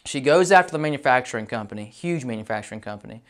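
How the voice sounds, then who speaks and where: A man, a roofing contractor telling a wry, animated story in a casual way, full of asides. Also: medium pitch, quick pace.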